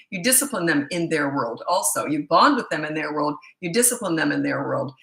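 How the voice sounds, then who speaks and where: Here the same kind of parenting coach, a middle-aged woman, handles viewer questions in a casual, opinionated, no-nonsense manner. She speaks in a lowish, pushed, bright voice, and the recording echoes.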